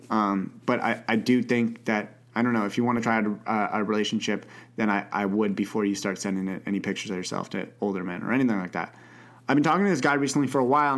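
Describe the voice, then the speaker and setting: A young man hosts a casual advice podcast, answering listener questions. He hesitates often, repeats his words and restarts his sentences. His voice sits at an ordinary, mid-range pitch for a man. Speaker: podcast host.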